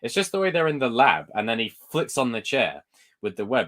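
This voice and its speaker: A man's voice: medium pitch, very animated, fast, a bit bright. A young man hosting a live stream, chatting casually about movies in a rambling way and acting out scenes in exaggerated voices.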